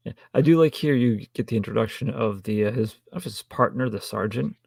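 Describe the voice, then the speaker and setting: Man, podcast co-host, dry wry humor, halting restarts, gravelly, husky. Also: medium pitch, a little mellow, no room sound. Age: adult with a child. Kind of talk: casual film review chat.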